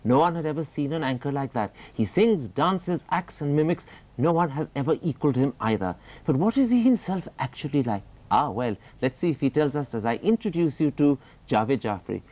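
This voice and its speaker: A man's voice: a little high, animated, brisk, few pauses, a little mellow. A man hosting a television interview, asking questions in a polished, articulate way. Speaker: talk show host. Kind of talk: formal interview. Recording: dull lo-fi TV audio.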